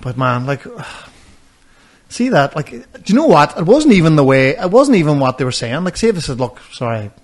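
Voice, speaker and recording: A man's voice: fairly high pitch, very animated, normal speed. A man, a podcast co-host telling a holiday story in casual chat, laughing often and swearing freely.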